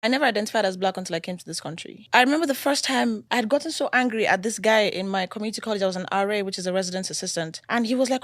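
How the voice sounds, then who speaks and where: A woman from Africa telling a lively story to the camera, laughing now and then. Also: medium pitch, racing, few pauses, dry recording, studio quality.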